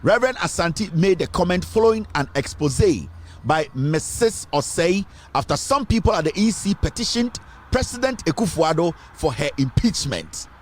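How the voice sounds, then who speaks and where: A man's voice: a little high, lively intonation, moderate pace. A man with a Ghanaian accent hosting an online news show, emphatic and repeating phrases as he comments on politics. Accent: Ghanaian English. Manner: switches between English and Twi, emphatic, repeats phrases.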